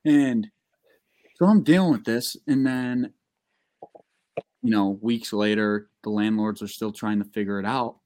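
A young man telling a long, profane, excitable story in a casual podcast chat. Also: on the low side, unhurried, long pauses. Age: young adult.

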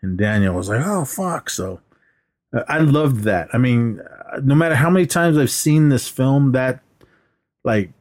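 Male podcast co-host, mid-pitch, lively storyteller who acts out scenes. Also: a little slow. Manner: animated retelling, acting out scenes with laughs. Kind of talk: casual movie chat.

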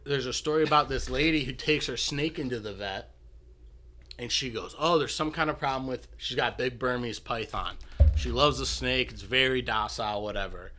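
Bright-voiced young man telling stories. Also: mid-range voice, steady tone, moderate pace, soft background music. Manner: rambling storyteller, swears freely. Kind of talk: casual chat.

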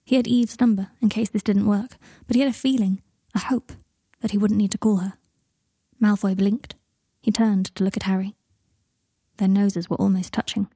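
A woman narrating a story in a calm, even reading voice on a close microphone. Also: mid-range voice, normal speed, breathy edge, dry recording. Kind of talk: storybook narration of fan fiction.

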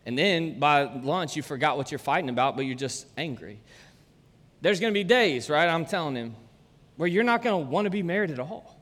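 A man's voice: fairly high pitch, lively intonation, fairly quick, a bit bright. A man, preaching a casual, conversational sermon full of jokes and chatty asides. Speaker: pastor. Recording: long church-hall reverb.

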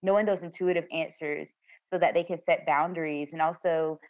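A woman guest with a low, steady voice tells about an experience in an earnest, affirming way, speaking fairly quickly in conversational storytelling. The recording has no echo and sounds dry and slightly dull.

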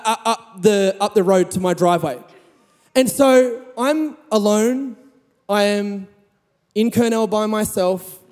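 A man preaching a sermon, telling a funny personal story with lively sound effects. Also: high-pitched, in a large hall.

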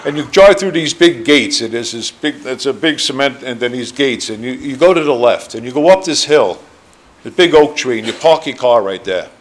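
A man in his sixties with a New Jersey accent tells his story to a room of listeners. He rambles earnestly and drops fillers as he goes. His pitch sits in a plain, middle range. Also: expressive, moderate pace. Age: 60s. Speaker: recovery meeting speaker. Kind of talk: personal testimony talk. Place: meeting room.

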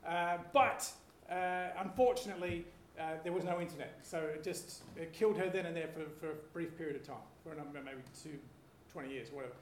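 A man's voice: fairly high pitch, fairly quick, few pauses. A man in his forties telling a rambling, self-deprecating story as a panellist, apologizing as he goes. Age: 40s. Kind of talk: rambling comedic anecdote. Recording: echoey room with faint hiss.

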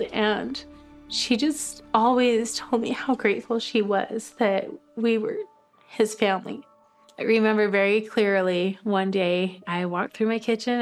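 A middle-aged woman sharing a personal adoption story in a documentary interview, halting with fillers and tearing up at moments. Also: medium pitch. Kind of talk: emotional personal testimony.

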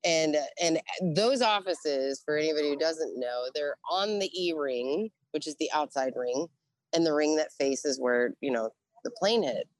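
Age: middle-aged. Sex: woman. Role: Navy veteran guest. Delivery: low, dry-sounding voice, swearing freely and acting out what people said. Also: normal speed, dry recording. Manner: profane, animated, acts out quoted dialogue. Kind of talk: casual storytelling.

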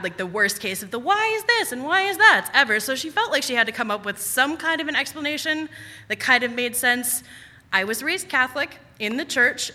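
A young adult woman telling a personal story on stage, animated and self-mocking with quick asides. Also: a little high. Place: stage at a live storytelling event. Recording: reverberant hall.

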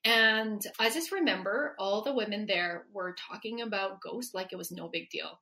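A woman in her forties, a healer and coach, talking casually in an interview, animated and laughing often as she acts out quoted dialogue. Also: medium pitch, moderate pace. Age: 40s.

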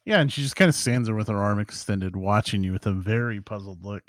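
A man narrating as game master of a tabletop game, describing scenes in a relaxed way. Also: fairly low pitch, a little fast, dry recording, clean studio sound.

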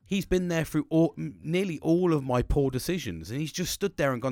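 A man talking candidly to camera in a halting, profane monologue with many restarts. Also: fairly high pitch, expressive, darkish tone, no echo. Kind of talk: casual confessional monologue.

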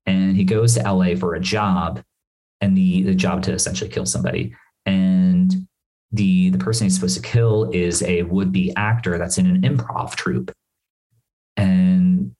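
A man casually recapping a TV episode on his podcast, rambling and animated, with asides and swearing. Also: deep voice, low-quality recording.

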